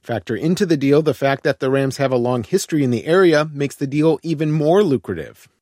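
A man reading a scripted radio news report in a measured manner. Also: a little high, a little mellow, no room sound, studio quality.

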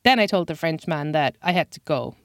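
A woman's voice: low-pitched, animated, a little fast, dry recording. A woman comedian telling a first-person comic story in a dry, self-deprecating way.

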